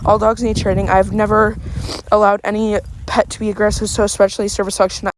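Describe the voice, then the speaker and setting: Walking her dog along a street, a woman reads comments aloud and indignantly rebuts them, out of breath. Her mid-range voice is flat and quick, with faint street noise and passing cars behind her.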